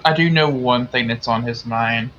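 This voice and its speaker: A man's voice: medium pitch, normal speed, pushed and bright, dull audio, slight background noise. A man playing a character in a tabletop game, boisterous and playful. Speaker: player.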